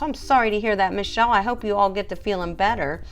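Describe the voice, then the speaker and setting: A chatty, emphatic woman hosting a pet-grooming live stream and talking straight to her viewers. Her voice sits at a middle pitch. Faint music plays behind her. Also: fast talker. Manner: chatty and emphatic, many restarts, greets viewers by name. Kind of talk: casual live-stream advice, reading viewer comments.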